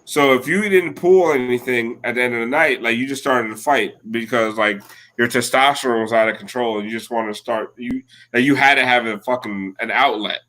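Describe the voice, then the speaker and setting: A man's voice: medium pitch, fairly quick, sharp tone. A man in his thirties chatting casually, rambling through stories with lots of filler words and swearing. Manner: rambling storyteller, heavy filler "like", profane. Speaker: podcast co-host. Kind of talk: casual chat.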